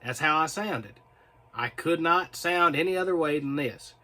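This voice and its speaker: A man putting on the North Carolina accent he had as a teenager, slow and drawling. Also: on the high side, pushed and bright. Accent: Southern US, North Carolina. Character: man slipping into his old Southern drawl.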